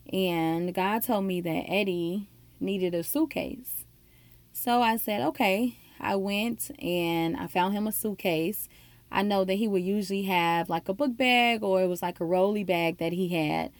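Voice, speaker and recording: A woman's voice: fairly low pitch, measured pace, dry recording. A woman telling a personal faith story in an earnest, heartfelt way. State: emotional, near tears.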